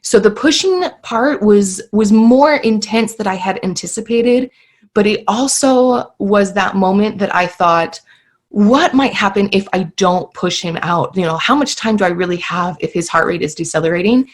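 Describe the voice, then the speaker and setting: Woman, 30s, earnest, heartfelt, podcast guest, mid-pitched voice. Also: normal speed. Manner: earnest, emotional, many fillers. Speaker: guest sharing birth story. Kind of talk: podcast interview storytelling.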